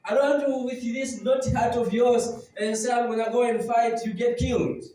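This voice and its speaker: A man's voice: very high-pitched, steady tone, moderate pace, warm tone. A man playing an angry, scornful older brother who belittles his younger brother. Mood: scolding. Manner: scolding, belittling. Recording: very echoey church hall, mic at a distance.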